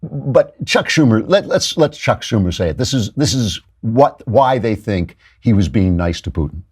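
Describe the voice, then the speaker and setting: A male host delivers political commentary in a sardonic, animated rush, often breaking off and restarting. His voice is a little husky, and his pitch swings widely as he mocks and explains. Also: normal speed.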